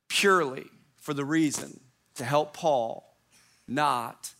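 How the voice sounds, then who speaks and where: A male pastor delivering a sermon, emphatic and repetitive, often letting his phrases fall away softly at the end. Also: medium pitch. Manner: emphatic, repetitive preaching with falling phrase endings.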